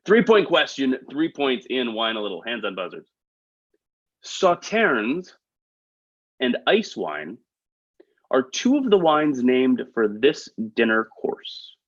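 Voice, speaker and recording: A man's voice: mid-range voice, sing-song, no room sound. Upbeat man hosting an online trivia quiz. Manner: upbeat, quick asides, chuckles at own jokes. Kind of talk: reading trivia questions, joking asides. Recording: dull, lo-fi video call audio.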